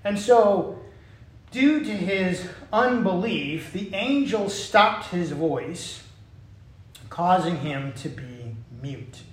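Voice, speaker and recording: A man's voice: high-pitched, lively intonation, drawn-out words. A man preaching a sermon in a conversational way, with casual asides and restarts. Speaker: pastor. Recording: echoey room.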